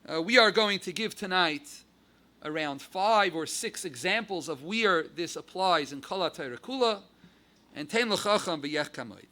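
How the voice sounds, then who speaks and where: A man from the United States with an American accent mixed with Yiddish and Hebrew terms, giving a halacha lecture with animated, rising emphasis. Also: sits high, normal speed. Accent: American English with Yiddish and Hebrew terms. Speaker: rabbi giving a Torah class.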